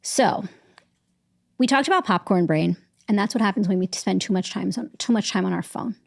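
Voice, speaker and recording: Vrouw met een licht krakerige, heldere uitlegstem. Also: female voice, medium pitch, brisk, no room sound, clean studio sound. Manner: clear, explanatory, science-based. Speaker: medical correspondent and author. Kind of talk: expert interview answers.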